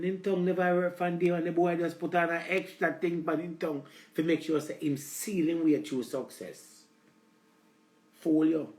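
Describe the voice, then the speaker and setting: A slightly high, darkish voice with a steady tone and normal speed carries this Jamaican man's live-stream sermonizing, heard with reverb. He talks straight to his audience, rambling and lecturing, with "let me tell you something" on repeat.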